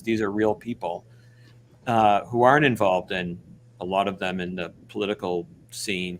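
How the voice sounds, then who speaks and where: Earnest, reflective man, slightly low voice. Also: fairly bright tone, a little hiss or hum. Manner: earnest, reflective, with frequent restarts. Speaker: guest. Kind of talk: earnest panel discussion.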